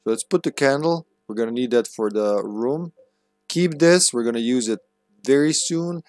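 A man's voice: mid-range voice, normal speed, a little mellow, no room sound, clean studio sound, faint music behind. A man streaming a horror game, musing aloud, reading notes and chuckling as he plays. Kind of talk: casual gameplay commentary.

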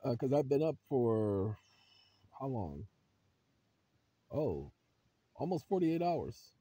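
A man hosting his own channel, giving emphatic vlog commentary and firing rhetorical questions at viewers he calls ladies and gentlemen. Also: medium pitch, very animated, slow, husky, no echo. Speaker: channel host.

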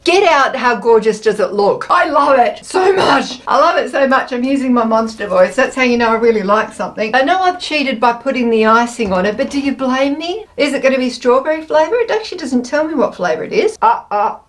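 A young woman with a slightly high voice, chatting through a snack taste test. She is bubbly and gushing, and now and then her voice jumps into excited squeals. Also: brisk, hardly any pauses. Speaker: food taste-test vlogger. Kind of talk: casual taste-test vlog chat.

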